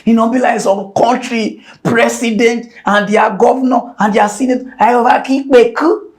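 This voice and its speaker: A man with a Nigerian Pidgin English accent hosting a comic mock news show, animated and jokey, dropping to whispers and rising to shouts. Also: very high-pitched, normal speed.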